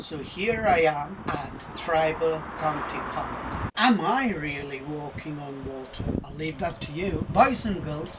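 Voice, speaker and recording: A middle-aged man telling a Bible story to children, animated and asking them questions directly. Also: a little high, noisy background.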